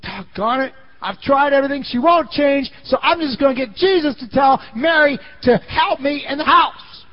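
A man putting on a fed-up older sister who complains shrilly, her voice climbing high and swinging wildly as she vents. She sounds bossy and exasperated. The recording is dull and lo-fi. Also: animated, normal speed, few pauses. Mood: frustrated.

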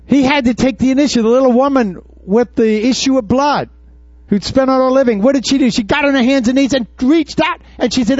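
High-voiced preacher man, dry and dull. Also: brisk, a little mellow, no room sound. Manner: calls out questions to the congregation and acts out Bible scenes. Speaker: pastor. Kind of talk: sermon. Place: church before a congregation.

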